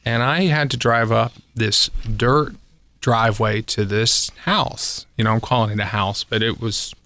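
A man's voice: medium pitch, fairly even intonation, measured pace, sharp tone. Rambling man telling a story on radio. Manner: rambling, chuckling, many fillers. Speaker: pest control technician, radio guest. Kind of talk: casual radio interview storytelling.

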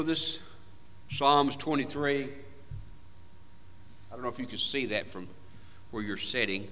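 A man preaching a sermon, swinging between loud emphatic lines and hushed, low passages. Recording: long hall reverb.

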